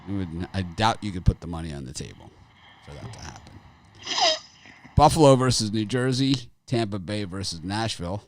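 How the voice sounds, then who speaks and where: A man's voice: lowish voice, animated, normal speed, no room sound. A man hosting a sports betting show in a studio, teasing his co-hosts and laughing as he runs through the games. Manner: teasing, laughing, mock golf-commentary whispers. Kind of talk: casual studio banter.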